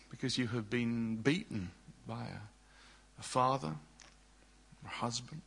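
A man preaching a sermon in an earnest way, often dropping to soft, hushed tones. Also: fairly high pitch, rough recording.

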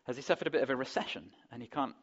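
A man's voice: medium pitch, lively intonation, very fast, breathy edge. A man preaching a sermon in a conversational way, often putting rhetorical questions to the congregation, on a dull lo-fi recording. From England.

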